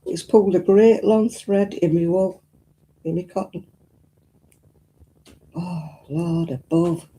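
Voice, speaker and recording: A woman chats casually through a crafting live stream, greeting viewers and fussing aloud as she works. Her voice is deeply mellow and warm, and her talk is homely and full of exclamations. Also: steady tone, normal speed, slight background noise. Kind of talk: casual live-stream chat while crocheting.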